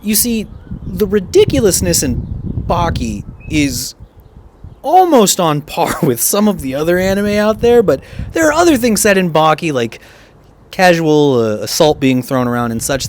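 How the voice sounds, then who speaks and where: A man talking casually as a co-host, his pitch leaping up and down as he gets excited. He speaks with enthusiasm and tosses in quick asides. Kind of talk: casual anime review chat.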